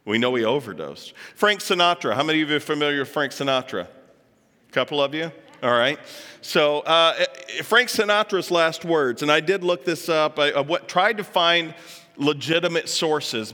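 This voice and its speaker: A man's voice: fairly high pitch, pushed and bright. A man giving a chatty, joking talk to a live audience, dropping asides and putting on voices for quotes. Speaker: speaker addressing an audience. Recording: long hall reverb.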